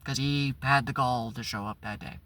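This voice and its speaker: A man's voice: medium pitch, fairly even intonation, moderate pace, sharp tone. A man telling a personal story in a casual, rambling vlog, swearing and breaking into bursts of exasperation. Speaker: spiritual vlogger.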